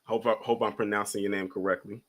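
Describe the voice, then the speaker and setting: A man's voice: fairly low pitch, flat delivery, fast talker, fairly bright tone. A man hosting a casual live stream, calling up callers one by one and chatting in a laid-back way. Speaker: livestream host.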